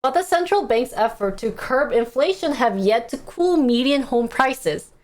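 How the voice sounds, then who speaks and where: A woman's voice: high voice, expressive, unhurried. A young woman streaming live, reading news articles aloud and chatting casually with her viewers, often laughing and calling them guys.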